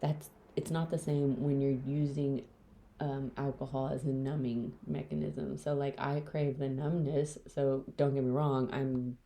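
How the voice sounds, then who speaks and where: A woman's voice: extremely low pitch, level tone, a little slow, creaky, warm tone. A woman hosting a solo podcast, talking candidly and bluntly, swearing freely and dropping into whispers mid-rant. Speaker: podcast host.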